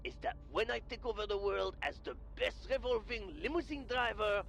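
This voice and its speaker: A man's voice: sits high, lively intonation, moderate pace, creaky, fairly bright tone, slight background noise, full character voice. An actor playing a scheming, pompous male rival chauffeur in a game cutscene, speaking with a French accent in a theatrical, over-enunciated way. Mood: gloating.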